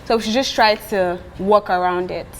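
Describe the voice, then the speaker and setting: A woman from Nigeria hosting a casual panel chat, animated and laughing as she tells stories. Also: medium pitch, moderate pace, in a large hall, a little hiss or hum, rough recording. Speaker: host.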